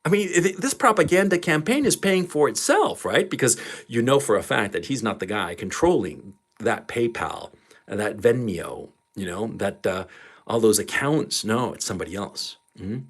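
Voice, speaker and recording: Lively, profane man ranting. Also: mid-range voice, normal speed, slightly rough. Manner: profane, emphatic, repeats points. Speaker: commentator. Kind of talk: ranting commentary vlog.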